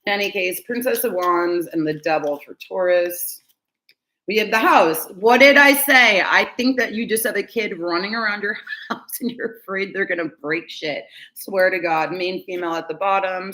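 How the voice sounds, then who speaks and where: A woman's voice: on the low side, a bit bright. A woman giving a casual tarot reading to camera, chatty and candid, laughing often and swearing casually. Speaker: tarot reader.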